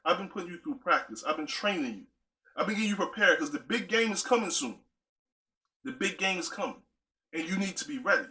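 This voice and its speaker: God as a firm coach, voiced by a man, insistent, bright and a bit high. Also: animated, fairly quick.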